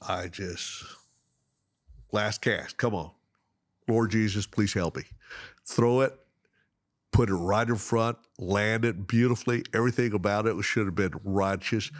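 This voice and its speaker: A middle-aged man telling fishing stories in casual chat, animated and laughing often, acting out the other people in them. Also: sits low, creaky, no echo, clean studio sound. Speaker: guest. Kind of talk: casual storytelling.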